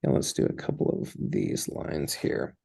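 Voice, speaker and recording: A man's voice: measured pace, dark tone. A man tutoring a student in Hebrew, patiently explaining words step by step and asking questions. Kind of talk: online language lesson.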